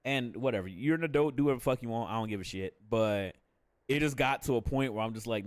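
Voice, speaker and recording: A man's voice: medium pitch, fast. A young man talks frankly to his stream chat, swearing freely and breaking into laughter as he goes. His voice sits in a middle range. The sound is dry and close, with no room echo. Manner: profane, candid and laughing often. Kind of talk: casual live-stream chat.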